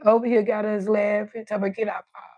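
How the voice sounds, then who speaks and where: A woman's voice: medium pitch, little pitch movement, fast talker, warm tone, lo-fi sound. Chatty woman hosting a live stream. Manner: chatty, talks straight to her chat. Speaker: livestream host. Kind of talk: casual live chat with viewers.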